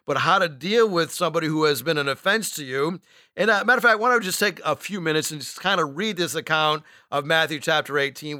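A man's voice: on the high side, sharp tone, no room sound, clean studio sound. A man preaching a sermon, conversational with folksy asides. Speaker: pastor.

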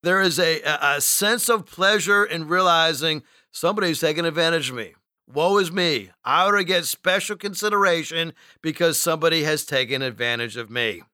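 A man's voice: a little high, sharp tone, smooth, no room sound, clean studio sound. A man preaching a sermon, conversational with folksy asides. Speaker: pastor.

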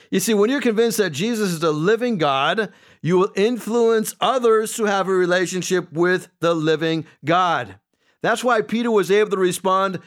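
A man's voice: sits high, a bit bright. A pastor preaching a sermon, working through numbered points and voicing the people he quotes.

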